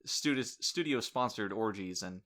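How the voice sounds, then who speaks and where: A man chats on a casual podcast, his bright voice full of lively pitch swings. He tells stories animatedly and jokes in a crude, irreverent way. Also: moderate pace. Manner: animated storyteller, acting out quoted people. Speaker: podcast host.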